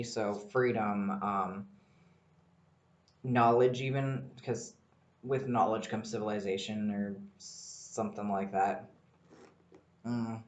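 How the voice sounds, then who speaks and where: A man hosting a casual solo podcast, rambling and excitable, swearing freely as he talks. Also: mid-range voice. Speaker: podcast host. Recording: echoey room.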